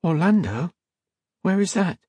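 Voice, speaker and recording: A man voicing a brave, practical young woman in an audiobook, lifting his voice higher for her lines. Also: sing-song, a little slow, mellow, slightly rough, dry recording, heavily acted. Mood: urgent. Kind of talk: audiobook character voice.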